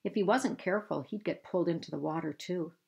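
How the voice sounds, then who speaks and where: A woman reading a children's novel aloud, measured and unhurried, lifting her voice for the characters. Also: lowish voice, gravelly, darkish tone. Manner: slow, measured storytelling with raised voices for dialogue. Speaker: reader.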